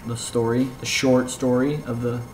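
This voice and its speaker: A woman's voice: very deep voice, flat delivery, normal speed, darkish tone, soft background music, poor audio. A young woman vlogging at home, chatting casually and playfully teasing as she prompts her partner to tell a story. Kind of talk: casual chat.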